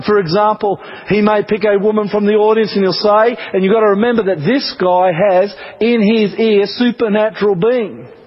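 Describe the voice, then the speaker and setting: Aussie preacher going hard in a church sermon, raspy voice, muffled lo-fi sound. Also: male voice, sits high. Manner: impassioned, emphatic, repetitive. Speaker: pastor. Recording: dull lo-fi broadcast recording.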